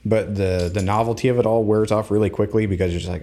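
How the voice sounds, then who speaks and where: A young man talks in a relaxed, chatty way with a fairly low voice. He tells stories with energy and acts out the people in them. His pitch jumps high when he does their voices. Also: fast, hardly any pauses. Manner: animated storyteller acting out quoted voices. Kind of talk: casual storytelling chat.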